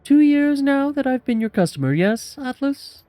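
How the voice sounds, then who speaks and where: A man's voice: very high voice, animated, moderate pace, mellow, no echo, pitched above the performer's own voice. A man voicing an enormous, mirthful male merchant who speaks in a hearty, grandly polite way. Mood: jovial.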